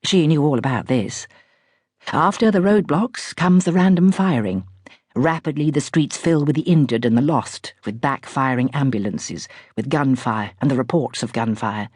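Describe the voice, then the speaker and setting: A woman narrating a literary novel in a wry, lively storytelling manner with speech. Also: very deep voice, normal speed, husky, no room sound, studio quality. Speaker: audiobook narrator. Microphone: close studio mic.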